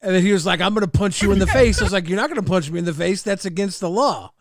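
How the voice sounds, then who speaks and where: High gravelly-voiced man telling stories. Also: very fast, a little hiss or hum. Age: middle-aged. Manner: storytelling, laughs through anecdotes. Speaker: show host. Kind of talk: casual chat reacting to old clips.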